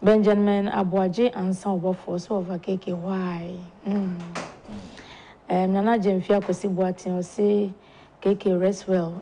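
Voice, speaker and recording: A Ghanaian woman hosting a talk show, slowly and softly reading out viewer condolence messages in a studio. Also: mid-range voice, level tone, a little hiss or hum, rough recording. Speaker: show host. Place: broadcast studio.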